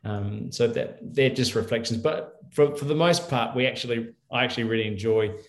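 In a casual interview recorded in an echoey room, a middle-aged guest doctor tells stories in a rambling way. His mid-range voice moves briskly, full of restarts and fillers.

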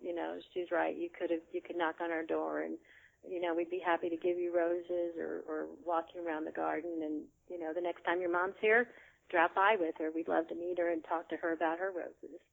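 A woman's voice: on the low side, little pitch movement, a little fast, vocal fry. Chatty woman on a tinny phone line. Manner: chatty, laughs often, many fillers. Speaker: interview guest. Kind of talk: casual storytelling.

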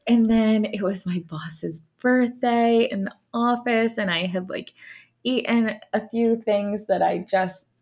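A young adult woman co-hosting a podcast in casual chat, talking quickly and laughing often. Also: medium pitch, darkish tone. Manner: chatty and bubbly, laughs often. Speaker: podcast co-host.

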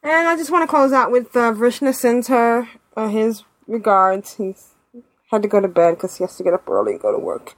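A woman with a fairly high, lively voice that climbs and dips as she talks. She hosts a podcast in casual chat, animated and chatty, laughing often. The sound is dry and close, with no room around it. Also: brisk, dry recording. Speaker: podcast host.

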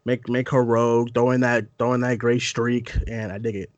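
A man's voice: medium pitch, flat delivery, normal speed, dry recording, lo-fi sound. A man hosting a casual movie podcast, loose and chatty, swearing now and then. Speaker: podcast host. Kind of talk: casual chat.

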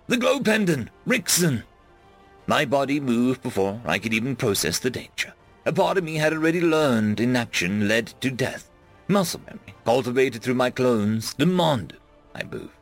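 A man narrating a web serial chapter aloud in first person, reading expressively with big dramatic swings and shouting out the dialogue. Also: mid-range voice, animated, normal speed, soft background music. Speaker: audiobook narrator.

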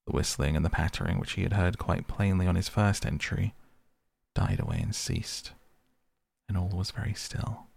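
A man reading a storybook aloud in a measured, expressive narration. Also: low voice, gravelly.

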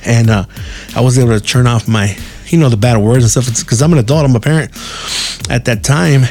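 A man tells a loose, rambling story with lots of cussing and slang. His voice sits at a middle pitch with a gravelly, creaky edge, and faint music plays behind him. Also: a little fast, a little mellow. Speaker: podcast host. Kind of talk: casual storytelling.

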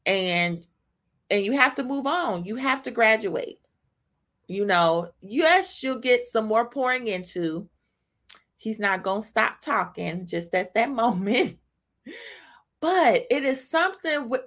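Woman host, higher voice, unscripted devotional talk, emotional, restarts a lot. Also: lively intonation, fairly bright tone. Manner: emotional, halting with many restarts. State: choked up. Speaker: podcast host giving a devotional. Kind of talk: spontaneous faith talk.

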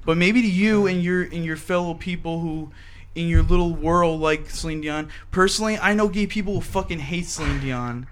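A man's voice: on the high side, normal speed. A man hosting a loose radio show, trash-talking and freestyle battle rapping with crude, brash bursts. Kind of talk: profane freestyle battle rap.

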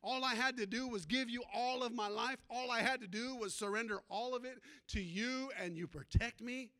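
A man's voice: very high voice, normal speed. A male preacher voicing a frightened man who pleads desperately for help in a sermon story. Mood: relieved. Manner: excited, pleading.

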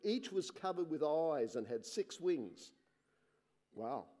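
A man preaching a sermon in a warm, mellow voice pitched a little high for a man. He reads scripture at an unhurried pace and lets his phrases sink soft and low. Between readings he adds musing, excited asides. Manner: slow, earnest reading that drops soft and low at phrase ends.

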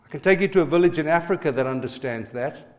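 Preaching fast and expressively in a fairly high voice, a middle-aged pastor shares personal stories. Time and again he turns to the congregation and asks them to respond.

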